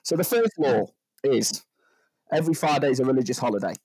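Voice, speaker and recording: A man's voice: mid-range voice, expressive, brisk, mellow, husky, dry recording. A man co-hosting a casual podcast chat, rambling and joking, tagging lines with "right?". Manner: rambling, jokey, stacks up "right?" tags. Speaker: podcast co-host.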